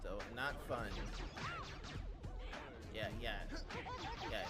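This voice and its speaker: A man's voice: lowish voice, extremely slow. A man streaming a video game, chatting casually and laughing often. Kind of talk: casual gameplay commentary. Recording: game music under the voice. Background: game music.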